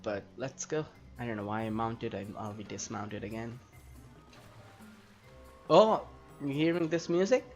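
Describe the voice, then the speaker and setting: A man's voice: mid-range voice, animated, unhurried, long pauses. A young man chatting and joking as he narrates his gameplay, thinking aloud. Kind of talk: casual gameplay commentary. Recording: slightly dull audio, faint game music.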